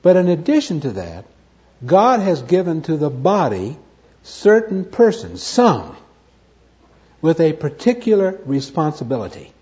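A man leads a Bible study lecture, leaning hard on key words and repeating them for his listeners. His voice is mellow and dark, rising and falling with lively swings in pitch. The recording sounds dull and lo-fi. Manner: emphatic, repeats key words, asks and answers his own questions. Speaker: Bible teacher.

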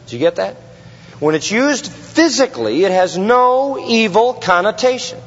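A man's voice: sits high, big pitch swings, moderate pace. A man preaching a sermon with emphatic repetition, putting rhetorical questions to the congregation. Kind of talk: expository sermon. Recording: long hall reverb, dull lo-fi sound.

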